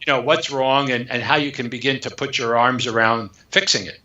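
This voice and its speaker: A man, an author guest in an interview, telling a story in an animated way and acting out the dialogue. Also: mid-range voice, brisk. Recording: echoey, dull lo-fi sound.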